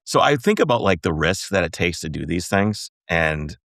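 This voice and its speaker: Low-voiced enthusiastic podcast host. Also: male voice, big pitch swings, normal speed, a bit bright, no echo, clean studio sound. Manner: enthusiastic, calls the guest "man". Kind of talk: casual interview chat.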